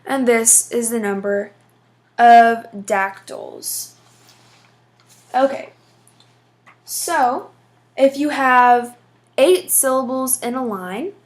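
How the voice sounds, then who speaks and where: A woman teaching a lesson, explaining patiently step by step with frequent fillers. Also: fairly high pitch. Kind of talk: casual classroom explanation.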